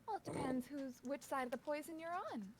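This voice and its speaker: A woman's voice: high-pitched, steady tone, brisk, crowd noise, close to an everyday voice. Woman playing a sly poison-selling adventurer. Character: sly young female poison-seller.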